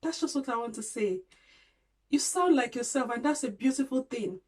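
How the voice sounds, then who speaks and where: Earnest woman vlogger, slightly high voice. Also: animated, normal speed, poor audio. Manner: earnest, encouraging, with frequent fillers. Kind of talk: casual talk to camera.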